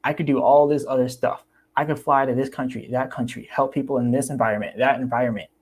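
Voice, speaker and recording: A man's voice: mid-range voice, steady tone, fast talker, slightly rough. A young man chatting casually on his livestream about crypto. He talks animatedly, repeats himself and acts out the people he quotes. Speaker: crypto YouTuber.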